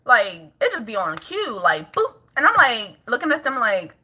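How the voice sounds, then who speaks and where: A woman's voice: mid-range voice, big pitch swings, moderate pace, hardly any pauses, sharp tone, husky. A woman vlogging casually at home as a mother, chatting with viewers, laughing often and scolding her toddler in between.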